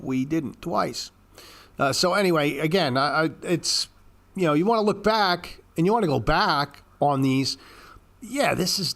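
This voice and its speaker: A man's voice: creaky, a bit bright. A man giving blunt, profane casual commentary on stock charts, ranting at panicked traders. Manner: mocks panicked traders in a high squeaky voice. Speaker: market commentator.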